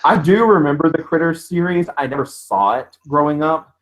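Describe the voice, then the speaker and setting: A man co-hosting a live show, chatting casually in an animated way and laughing easily. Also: on the high side, moderate pace, rough recording. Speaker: co-host. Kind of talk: casual live-stream chat.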